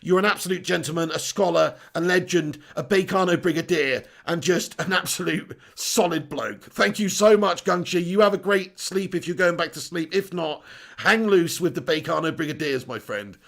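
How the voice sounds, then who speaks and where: A man hosting a live stream, chatting excitedly, laughing and bantering with mild swearing as he reads out viewer messages. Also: fairly high pitch, moderate pace, vocal fry.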